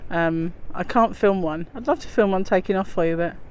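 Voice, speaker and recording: A woman's voice: fairly low pitch, fairly quick, darkish tone, clean tone. Chatty woman vlogging outdoors. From England. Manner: chatty and rambling, many fillers. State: out of breath. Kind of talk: casual walking vlog. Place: outdoors on a windy riverside bridge. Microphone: handheld phone. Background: wind and passing aircraft.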